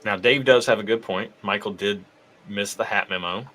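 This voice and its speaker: A man's voice: on the low side, normal speed, bright, forceful tone, rough recording. A man with a Southern US accent hosting a casual live stream and reading out viewer comments. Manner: upbeat, reads out viewer comments. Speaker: host.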